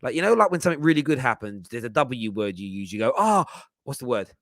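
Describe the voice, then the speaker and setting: A man's voice: medium pitch, fast, no room sound, clean studio sound. A man with a London accent hosting a live football chat show, joking around and reading out viewer comments. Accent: London English. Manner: animated, jokey, reads out viewer comments. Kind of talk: live-stream casual chat.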